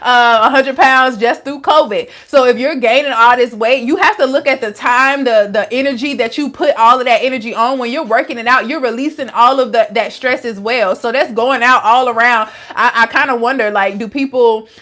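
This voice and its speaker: In a fairly high, slightly bright voice, a young adult wellness coach talks to viewers on a casual live stream at normal speed, hardly ever pausing. She's candid and chatty, full of slang and "like."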